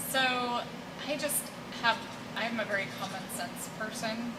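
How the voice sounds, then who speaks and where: A woman who runs a haunted house, answering interview questions about her building in a measured, conversational way with easy laughs. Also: fairly high pitch. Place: old school building, indoors. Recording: echoey room, distant mic, loud background noise.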